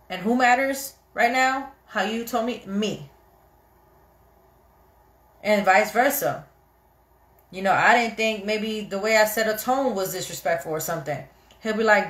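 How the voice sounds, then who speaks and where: A woman hosting a casual live chat about marriage, animated and chatty, often acting out what people say. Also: mid-range voice, normal speed. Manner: animated, chatty, quotes people in little acted voices. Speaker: host of a live chat for couples. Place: home, kitchen nearby. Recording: echoey room.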